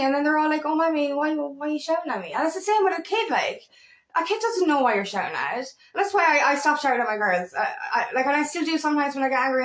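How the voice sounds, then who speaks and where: High-voiced woman, echoey room. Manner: rambling, animated, frequent swearing. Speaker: feminine empowerment coach. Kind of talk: casual monologue.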